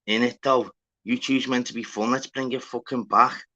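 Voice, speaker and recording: Scouse guy on a livestream, bright edgy voice, swears a lot, chats to viewers. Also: medium pitch, fairly even intonation, moderate pace, highs cut off. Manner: swearing, rambling, greeting viewers by name. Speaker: livestream host. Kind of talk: casual live chat.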